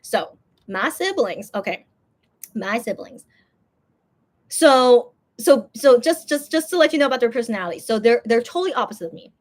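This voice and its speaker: A young adult woman hosting a casual livestream, telling a story in an animated way, full of fillers and repeated words. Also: a little high, fast talker, few pauses. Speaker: livestream host. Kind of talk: casual live-stream chat.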